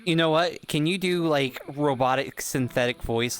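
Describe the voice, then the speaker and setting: A man's voice: mid-range voice, normal speed, a bit bright, faint music behind. A man running a casual online role-play, rambling and full of fillers. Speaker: game master.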